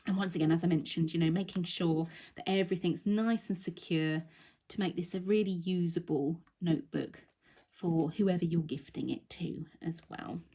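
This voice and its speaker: A slightly low-pitched woman talks through a live craft demonstration. She sounds a little breathless after being unwell, and she keeps a chatty, reassuring flow with frequent ums. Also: steady tone, moderate pace, dark tone, husky. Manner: chatty, reassuring, thinks aloud with many ums. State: out of breath, recovering from illness.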